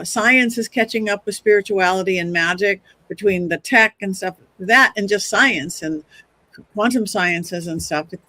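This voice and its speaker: A middle-aged woman and psychic medium, telling stories on a podcast in a chatty, animated way, often restarting her sentences. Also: medium pitch. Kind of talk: casual podcast storytelling.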